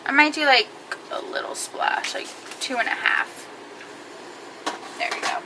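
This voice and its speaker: A woman's voice: high voice, steady tone, unhurried. A young woman chatting casually to camera in her home kitchen, upbeat and giggly. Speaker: vlogger. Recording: home camera with clear background noise.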